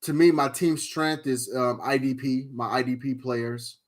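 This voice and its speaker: In an unhurried, mid-range voice, a fantasy football league member goes over his draft. His casual account wanders, with plenty of swearing, fillers, outbursts, and animated storytelling.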